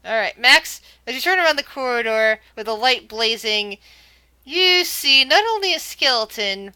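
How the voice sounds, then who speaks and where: A woman's voice: on the high side, expressive, moderate pace, pushed and bright, clean tone, no echo. A woman running a tabletop game as game master, narrating scenes and often restarting her sentences.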